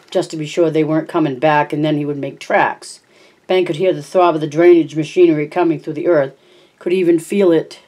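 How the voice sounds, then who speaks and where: Low-voiced woman reading a novel. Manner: steady, plain narration with small slips. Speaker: audiobook reader.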